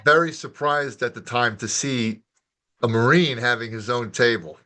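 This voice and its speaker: A male podcast host asking questions in casual conversation, quick to laugh. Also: medium pitch, pushed and bright. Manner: laughs easily, brief prompts. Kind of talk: casual interview.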